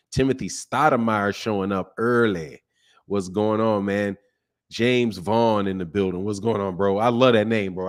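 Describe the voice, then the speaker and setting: A middle-aged man hosting a boxing live stream, chatting casually with viewers while he keeps his slightly strained voice soft. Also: on the low side. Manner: greets chat viewers by name, loose and joking. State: slightly strained voice, speaking softly. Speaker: boxing channel host.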